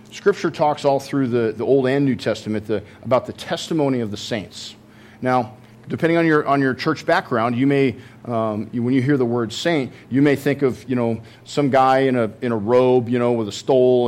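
A man's voice: mid-range voice, moderate pace, a little mellow. A man preaching a sermon, telling a story in a conversational way with many fillers and restarts. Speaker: pastor.

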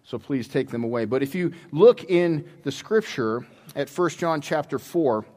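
A man preaching a sermon in a church, telling a story with many halting restarts. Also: on the high side, animated, darkish tone. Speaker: pastor. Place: church sanctuary. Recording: long hall reverb.

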